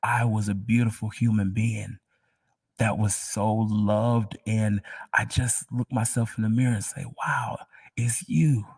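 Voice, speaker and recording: A man with a low, gravelly, husky voice tells his faith testimony in a halting, emotional way. He often sinks to a near whisper and keeps a flat, even tone. The sound is dry and picked up from some distance away from the mic. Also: no room sound.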